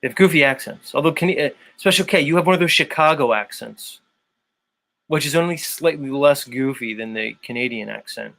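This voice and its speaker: A man's voice: mid-range voice, brisk, creaky, pushed and bright. Man, show host, casual chat, rambling, opinionated, lots of fillers.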